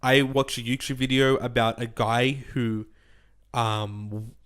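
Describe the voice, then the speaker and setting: A man's voice: medium pitch, steady tone, takes it slowly, a bit bright, smooth. An Australian man co-hosting a podcast, telling stories in a rambling, casual way with many fillers. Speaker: podcast co-host. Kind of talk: casual chat.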